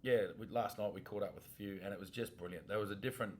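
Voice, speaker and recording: Laid-back Australian ex-cop, low voice. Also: male voice, fairly even intonation, racing. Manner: laid-back, laughs often, casual slang. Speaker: podcast co-host, former police officer. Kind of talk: casual chat.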